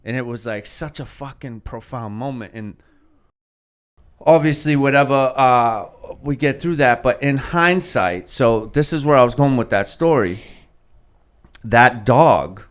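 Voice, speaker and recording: A man in his thirties, a podcast host, telling a rambling heartfelt story in casual chat and swearing freely. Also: mid-range voice.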